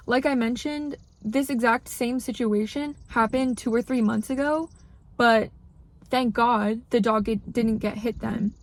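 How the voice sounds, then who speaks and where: A woman's voice: on the high side, measured pace, no room sound. A young woman from Canada telling a personal story to camera, upset and rambling, with many fillers. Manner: upset, rambling, heavy use of "like". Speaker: vlogger.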